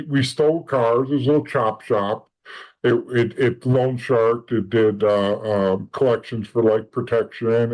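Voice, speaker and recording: A man's voice: mid-range voice, a little mellow, low-quality recording. A man being interviewed as a podcast guest, telling a long story casually and bluntly, often restarting and repeating words. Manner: blunt and matter-of-fact.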